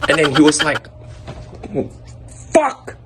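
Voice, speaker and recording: A young man casually telling funny school stories, animated and profane, breaking into laughter. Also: on the high side, moderate pace, heavy background noise. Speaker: vlogger. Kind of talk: casual storytelling.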